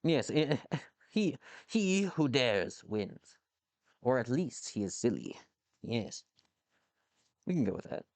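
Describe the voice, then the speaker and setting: In his lathe-equipped home workshop, a man streams live, machining and answering chat with rambling, profane reactions. His mid-range voice swings widely in pitch, stays measured with frequent pauses, and sounds mellow, with no echo.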